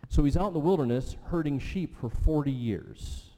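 Mellow-voiced man preaching in a hall. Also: on the high side, lively intonation, normal speed. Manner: conversational, repeats okay and right. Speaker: pastor. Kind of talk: sermon teaching with audience questions. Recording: long hall reverb.

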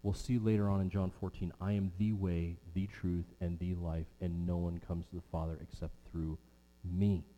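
A man's voice: low voice, little pitch movement, moderate pace, big-room sound, muffled recording. A man preaching an expository sermon, stressing key words and repeating his main lines.

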